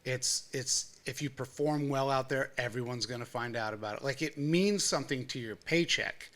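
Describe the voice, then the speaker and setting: Guy asking the questions, bright clear voice, calm and easygoing. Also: medium pitch, moderate pace. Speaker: interviewer. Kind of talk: casual chat.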